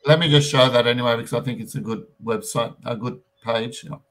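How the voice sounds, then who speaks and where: A man's voice: mid-range voice, steady tone, brisk, a bit bright. A man hosting a live online interview on a video call, easygoing and accommodating. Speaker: host.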